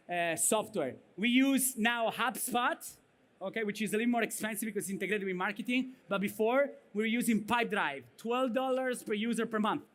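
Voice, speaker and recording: A high-voiced man with a heavy Italian accent delivers a blunt, punchy keynote from a conference stage, his tone a bit bright. He constantly checks in with listeners using "right?" and "okay?"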